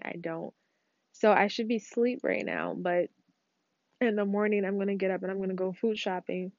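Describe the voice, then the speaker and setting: A woman's voice: mid-range voice, no echo. A young woman hosting a podcast, telling a rambling personal story in casual, slangy, candid talk from home. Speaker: podcast host. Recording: dull lo-fi dry recording.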